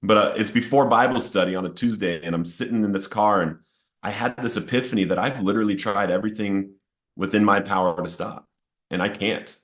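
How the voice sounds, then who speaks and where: A man with a lowish voice speaks briskly, sharing a personal testimony about addiction and recovery. His storytelling is earnest and emotional, his voice rising sharply to near-shouting at the most intense moments.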